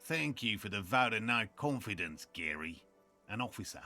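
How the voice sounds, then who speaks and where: A man's voice: fairly low pitch, sing-song, normal speed. An actor playing an earnest, eccentric male cryptozoologist in a game, who speaks formally and a little wryly. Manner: formal, gravelly, wry. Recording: game audio with music behind.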